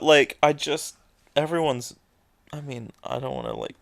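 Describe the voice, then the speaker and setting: A young man co-hosting a podcast in casual chat, rambling and halting, often laughing. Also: mid-range voice, wildly swooping pitch, creaky, a bit bright, dry recording. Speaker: podcast co-host.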